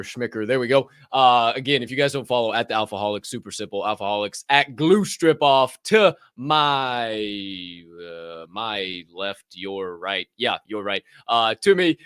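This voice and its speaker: A man at mid pitch hosts a casual podcast, talking loosely, swearing freely and laughing a lot. The voice is close and dry, with no room sound. He rambles through questions in a relaxed way. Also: no room sound. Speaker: podcast host.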